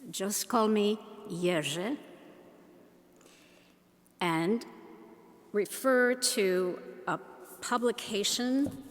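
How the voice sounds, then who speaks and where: A woman giving an unhurried, teacherly talk to an audience, asking them questions as she goes. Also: mid-range voice. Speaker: speaker. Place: large shrine hall. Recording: long hall reverb.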